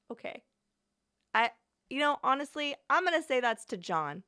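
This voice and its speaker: A woman's voice: sits high, sing-song, moderate pace, pauses often, pushed and bright, clean tone. A woman streamer chatting casually, giggly and rambling, often trailing off.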